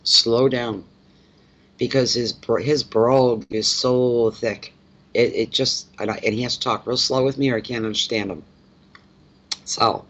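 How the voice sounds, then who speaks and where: On his easygoing live stream, a tarot reader from Canada chats with the audience and says hello to each person in turn. He speaks in a mid-range voice at a moderate pace, wandering off topic and repeating words often. Audio is somewhat muffled and lo-fi.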